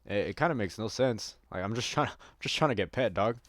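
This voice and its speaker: A man's voice: fairly low pitch, lively intonation, a little fast, no echo. A man giving casual gameplay commentary, rambling and joking crudely with a lot of swearing. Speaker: gaming streamer.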